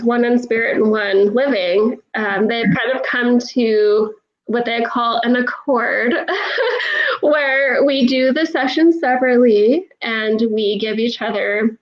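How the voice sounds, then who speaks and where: A woman's voice: fairly high pitch, dull audio. A woman who is an animal communicator, telling stories in a casual interview and laughing often.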